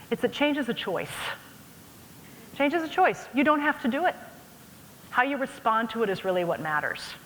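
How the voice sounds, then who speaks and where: Woman keynote speaker, lively storyteller addressing the crowd, recorded in a reverberant hall. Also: mid-range voice. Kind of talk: conference keynote. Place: large conference hall. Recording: echoey hall, faint background noise.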